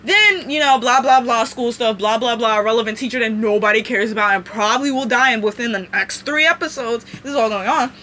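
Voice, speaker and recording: A woman vlogger recapping a show in casual, rambling, animated storytelling. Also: a little high, a little fast, hardly any pauses, slight background noise.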